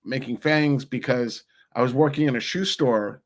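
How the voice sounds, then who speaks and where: A man in his forties from New Jersey, a podcast guest telling stories in an animated, rambling way with many restarts. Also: mid-range voice, moderate pace. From New Jersey, USA. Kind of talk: casual interview storytelling.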